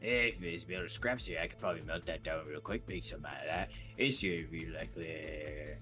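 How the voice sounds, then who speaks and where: A man voicing a gruff male shopkeeper with a put-on Brooklyn accent and a smoky, gravelly voice, rambling as he haggles over prices in a tabletop game. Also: low-pitched, brisk, sharp tone, faint music behind, voice pushed down. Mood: haggling. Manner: rambling, haggling, self-correcting. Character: gruff male human shopkeeper, haggling chain-smoker type.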